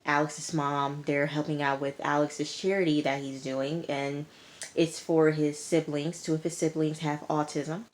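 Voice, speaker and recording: A woman's voice: low voice, level tone, unhurried. A woman reviewing a reality TV show in a casual, emphatic way, often repeating herself and saying "like" and "okay". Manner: emphatic, repetitive, lots of "like" and "okay". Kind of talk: casual recap and commentary. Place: indoors, sirens audible outside.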